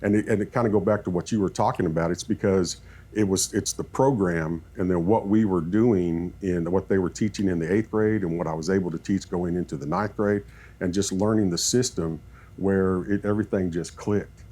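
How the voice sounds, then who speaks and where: A man who coaches football, telling animated stories in a podcast chat and acting out what people said. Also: sits low, fairly quick, husky. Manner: animated storyteller, acts out quoted talk.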